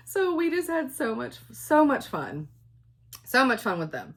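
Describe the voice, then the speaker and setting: A middle-aged woman, telling stories in a loud, chatty vlog and laughing often. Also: fairly high pitch, very animated, unhurried, pauses often. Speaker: cross-stitch vlogger. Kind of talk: casual storytelling chat.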